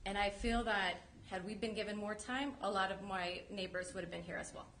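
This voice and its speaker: A woman's voice: mid-range voice, steady tone, fairly quick, a bit bright, slight background noise. A woman giving public comment at a city council meeting, earnest and direct as she presses her concerns.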